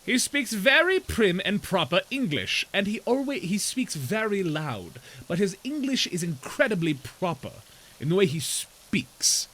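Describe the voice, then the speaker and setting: A man's voice: high voice, sing-song, measured pace, sharp tone, low-quality recording. A man streaming a game, chatting casually and explaining things in a rambling way. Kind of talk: casual chat while gaming.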